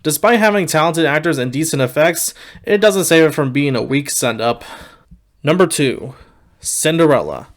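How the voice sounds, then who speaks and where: A man's voice: on the high side, expressive, moderate pace. Candid young man reviewing films. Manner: candid, wry and opinionated. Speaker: movie reviewer. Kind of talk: casual video review.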